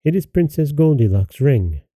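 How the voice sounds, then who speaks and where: A man's voice: a little high, big pitch swings, normal speed, mellow, dry recording, clean studio sound. A man reading as a grateful golden carp. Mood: solemn. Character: grateful golden female carp, fairy-tale fish.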